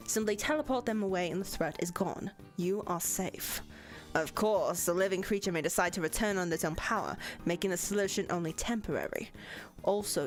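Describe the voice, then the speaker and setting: A woman's voice: on the low side, voice pushed down, close to an everyday voice. Woman putting on a stern British magic professor. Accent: British (put on). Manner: slow, solemn lecturing.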